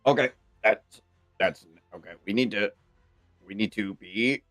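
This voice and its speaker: A man's voice: lowish voice, measured pace, long pauses, fairly bright tone, faint music behind. A man speaking in character as a player in a tabletop game, rambling and flustered, fumbling names. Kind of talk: in-character tabletop role-play.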